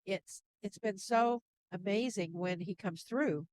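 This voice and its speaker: A woman guest who works as a spiritual channel, speaking gently and laughing softly between thoughts. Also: mid-range voice, a little slow, background noise. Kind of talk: casual interview chat.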